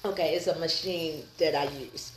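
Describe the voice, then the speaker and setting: Laid-back woman with a deep voice talking about her business, echoey room. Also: steady tone, moderate pace, a little hiss or hum. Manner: laughing, easygoing and chatty. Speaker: guest, massage therapist and business owner. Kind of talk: casual podcast interview.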